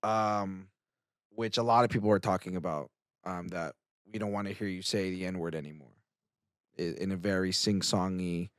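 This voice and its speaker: A man's voice: low-pitched, steady tone, moderate pace, dry recording. Man reading rap lyrics, dry sound. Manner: reads rap lyrics aloud in a rhythmic delivery. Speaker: podcast co-host. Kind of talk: casual chat.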